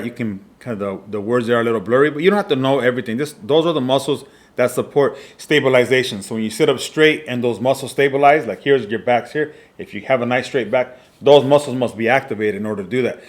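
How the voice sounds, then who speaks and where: Male fitness coach, mid-pitched, teaching from slides, emphatic and repeats key points. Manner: repetitive, emphatic, frequent "all right" checks. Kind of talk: slide presentation lesson.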